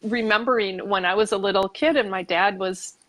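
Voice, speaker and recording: An American woman speaking as a guest on a podcast, telling a story in an animated way, acting out her reactions and laughing often. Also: mid-range voice, fairly quick. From United States. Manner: animated, acts out her own reactions, frequent restarts; laughs while talking. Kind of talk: casual conversation.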